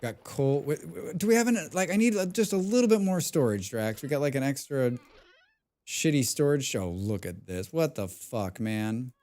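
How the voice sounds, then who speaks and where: This man speaks at normal speed with a dark, medium-pitched voice and lively intonation, chatting casually while streaming a game live. His talk rambles as he thinks aloud, restarting often and swearing occasionally. Originally from another country, he lives outside it.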